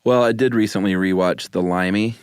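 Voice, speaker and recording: A man's voice: on the low side, fairly even intonation, a little fast, clear, resonant tone, dry recording. A man co-hosting a podcast, chatting casually and explaining things in a laid-back way. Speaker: podcast co-host. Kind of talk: casual chat. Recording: dry close studio sound.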